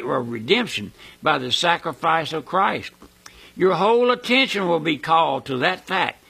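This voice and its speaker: A male preacher with a fairly high, gravelly voice that has a raspy edge and a bright, forceful tone. He delivers his sermon emphatically, rising to loud peaks and then sinking to low, intense murmurs.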